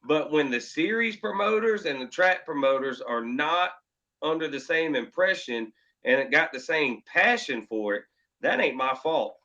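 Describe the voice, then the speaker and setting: A man's voice: a little high, animated, a little slow, bright, forceful tone. A man who races modifieds, arguing his case with passion and repeating himself for emphasis. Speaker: UMP modified racer. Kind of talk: heated panel debate. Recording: dull lo-fi stream audio.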